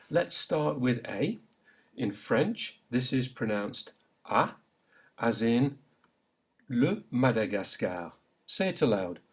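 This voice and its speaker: Man, language teacher, unhurried, slightly husky, clear enunciation, repeat-after-me prompts. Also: medium pitch. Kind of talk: scripted language lesson narration.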